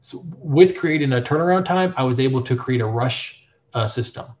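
A young adult man, a print shop owner, telling his story in a casual interview, animated and full of filler phrases. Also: medium pitch, normal speed. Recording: dull lo-fi sound.

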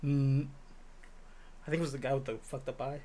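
A man's voice: medium pitch, level tone, moderate pace, mellow. A young man co-hosting a casual podcast chat, joking, swearing a lot and mimicking people. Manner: profane, joking, does mocking impressions. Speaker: podcast co-host.

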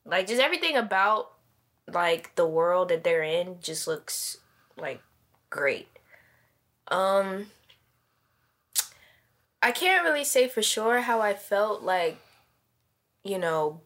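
A woman co-hosting a casual podcast, blunt and profane, often pausing and searching for words. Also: on the low side, animated, a bit bright. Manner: unhurried, blunt, profane, hesitant with fillers. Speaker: podcast co-host. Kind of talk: casual chat.

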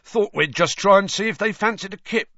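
An actor voicing a huge, gentle half-giant gamekeeper who teaches magical creatures, with homely rustic speech, in a dry, slightly dull studio recording. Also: male voice, sits high, fairly quick, dry recording, voice pushed up. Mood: cheerful.

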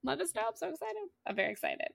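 A woman co-hosting a casual book-club podcast, chatty and animated with quick asides. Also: high-pitched, gravelly, no echo, studio quality. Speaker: podcast co-host.

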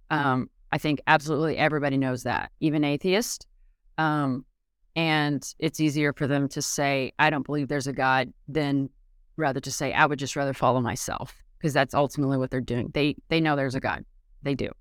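Low-voiced woman hosting a candid podcast. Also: clear, resonant tone, dry recording, studio quality. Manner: candid, rambling, emphatic. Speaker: podcast host. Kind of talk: casual solo podcast monologue.

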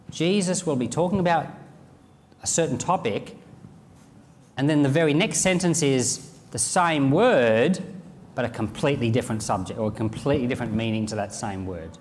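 A man preaching a sermon, reading scripture aloud and acting out the lines of imagined speakers in an animated way. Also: mid-range voice, long reverb tail, slight background noise.

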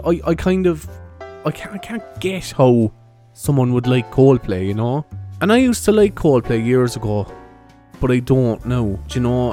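A man's voice: medium pitch, darkish tone. A young man with an Irish accent hosting his own podcast in a casual, rambling monologue, swearing and laughing at his own jokes. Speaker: podcast host.

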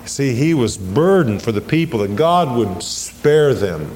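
A man's voice: mid-range voice, animated, darkish tone. A man preaching a sermon, stressing scripture quotes and putting questions to his congregation. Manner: emphatic, slows down and swells on scripture quotes, asks the congregation questions. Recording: long hall reverb with faint ambient noise, 1980s church recording.

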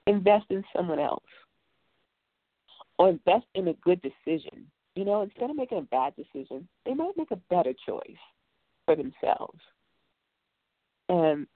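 A woman's voice: medium pitch, dry recording. Earnest woman host on a tinny line. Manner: earnest, rambling storytelling with many fillers. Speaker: talk show host. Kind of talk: casual call-in radio talk. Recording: tinny phone-line sound.

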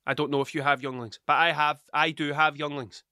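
A father hosting a casual solo podcast rambles through a monologue, swearing often and losing his train of thought. His slightly high voice is brisk, flat, pushed and bright, recorded at studio quality with no echo.

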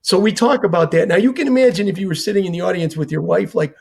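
A man's voice: high voice, quick pace, vocal fry, a little mellow, slightly rough. An older man, a retired fire chief, telling a personal story in an earnest way and acting out the dialogue he quotes. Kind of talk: storytelling in a conversation.

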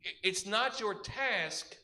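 A man delivering a sermon with a strikingly high-pitched voice. His tone is bright and forceful, and he drives each point home with emphatic, repeated parallel phrases in a classic preaching cadence. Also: expressive, takes it slowly. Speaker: pastor.

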